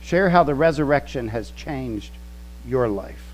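Slow, emphatic preacher man. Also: mid-range voice, animated, rough recording. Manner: slow, emphatic teaching with quoted scripture and word studies. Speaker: pastor. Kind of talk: sermon.

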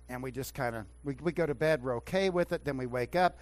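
A man preaching a sermon as pastor in a church, swinging between hushed talk and loud emphatic preaching. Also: medium pitch, fast, few pauses. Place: church sanctuary.

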